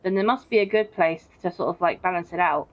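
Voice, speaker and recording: A woman's voice: on the low side, fairly quick. Chatty woman streaming a game. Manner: chatty and blunt, swears often, keeps saying bro. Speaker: gaming streamer. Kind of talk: casual live gameplay chat, reading viewer comments. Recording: muffled, dull stream audio.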